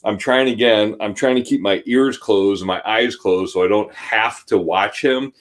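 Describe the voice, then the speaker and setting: A man in his forties, co-hosting a podcast, telling an animated, laughing personal story in casual chat. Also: on the low side, normal speed. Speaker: podcast co-host.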